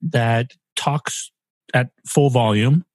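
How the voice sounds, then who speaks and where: A man's voice: mid-range voice, extremely slow, no echo. A man co-hosting a podcast, joking around in casual chat and slipping into put-on accents. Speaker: podcast co-host. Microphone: studio microphone.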